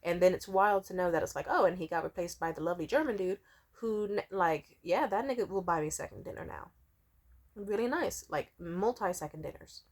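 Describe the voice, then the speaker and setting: Brisk and on the low side, this woman's voice carries a loose, profane vlog storytime rant that meanders along, stuffed with "like" fillers.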